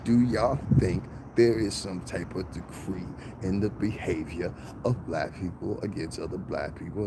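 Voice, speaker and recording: A man's voice: on the low side, background noise. Profane New York guy ranting on a live stream. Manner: animated, profane, slips into mocking impressions. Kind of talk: casual live-stream rant. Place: outdoors in falling snow.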